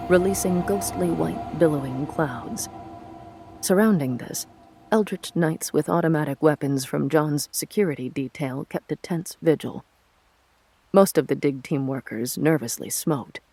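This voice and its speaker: A man reading scripted narration in a steady, deliberate storytelling voice. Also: on the high side, vocal fry, no room sound.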